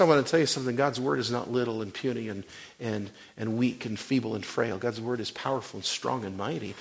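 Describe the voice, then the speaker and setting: A man preaching a sermon as pastor. He moves from quiet storytelling to loud, fervent preaching, often breaking off and restarting a phrase. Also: medium pitch, a little fast, creaky.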